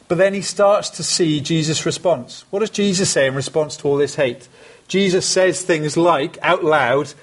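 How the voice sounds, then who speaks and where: A man's voice: fairly high pitch, moderate pace. A man preaching a sermon, earnest and emphatic, repeating phrases for stress.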